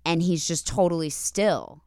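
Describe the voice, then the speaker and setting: A young woman hosting a podcast, telling a story in an animated way with frequent laughter. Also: fairly low pitch, measured pace, dry recording, clean studio sound. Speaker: podcast host. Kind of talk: casual chat, storytelling.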